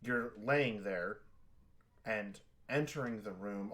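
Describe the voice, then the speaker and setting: Halting male game master. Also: lowish voice, fairly bright tone. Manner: halting, many fillers and restarts. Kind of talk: narrating a tabletop game.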